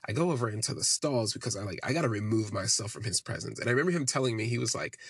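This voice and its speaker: A man's voice: fairly low pitch, expressive, rapid-fire, gravelly, slightly rough, no echo. A man hosting a podcast, telling a personal story in a candid, rambling way, full of "like" fillers. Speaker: podcast host. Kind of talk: casual first-person storytelling.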